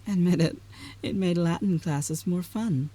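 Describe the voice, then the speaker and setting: A woman voicing a lively young female journalist, the heroine's best friend, reading game dialogue in a brisk, teasing, chatty way. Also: fairly low pitch.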